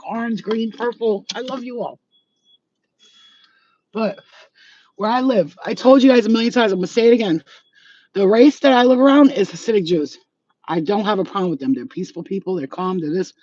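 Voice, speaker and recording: Her voice is medium-pitched and darkish, and the lo-fi audio carries a little hiss or hum. She's a psychic medium ranting bluntly on a vlog, swearing heavily as she walks a residential neighborhood outdoors holding her phone.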